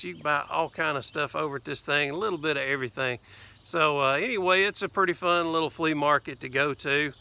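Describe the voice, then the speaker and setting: A man's voice: fairly high pitch, gravelly, sharp tone. A man with a Southern US accent telling a rambling, casual story in his vlog, with lots of fillers and "anyway.". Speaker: vlogger.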